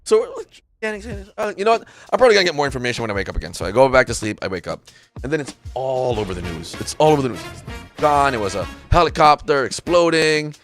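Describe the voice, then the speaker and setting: A man, co-hosting a sports talk show and telling excitable stories with frequent laughter. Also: medium pitch, fast, soft background music. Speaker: podcast co-host. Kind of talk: animated sports banter storytelling.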